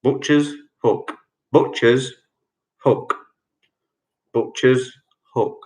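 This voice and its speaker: A man's voice: medium pitch, steady tone, very slow, a little mellow. A man hosting an online quiz night from home over a video call. He repeats each clue several times and explains the answers in a chatty, jokey way. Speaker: quiz host. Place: at home during lockdown.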